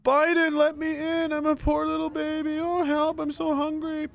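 Guy doing a squeaky whiny little kid voice begging for help. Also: monotone, moderate pace, creaky. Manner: whiny, pleading. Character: whimpering small child begging for help.

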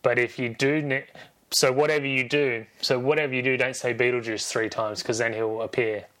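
A man's voice: medium pitch, fairly even intonation, moderate pace, fairly bright tone, close to an everyday voice. A man putting on the voice of a stern female afterlife caseworker, giving a blunt warning and stumbling over his words.

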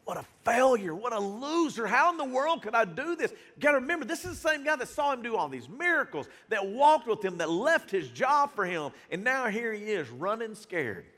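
A man's voice: very high voice, very animated, moderate pace, hardly any pauses, a bit bright. A man preaching a sermon as pastor in a casual, slangy style, speaking in a church. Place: church sanctuary. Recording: reverberant church hall.

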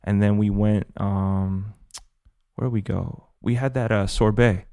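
A man whose first language is French hosts a relaxed, chatty podcast conversation. His voice is low and gravelly, recorded dry and close. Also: takes it slowly, no room sound. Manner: relaxed, chatty, friendly storytelling. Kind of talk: casual podcast chat.

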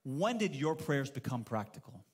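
A man's voice: mid-range voice, sing-song, normal speed, slightly rough. A man in his thirties preaching a sermon as pastor at a church service, telling stories with playful acted-out voices and humor.

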